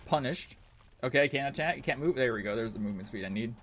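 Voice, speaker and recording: A man's voice: medium pitch, lively intonation, quick pace, fairly bright tone. A man streaming a game, ranting in frustration and swearing a lot as he comments on his play. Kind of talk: live gameplay commentary.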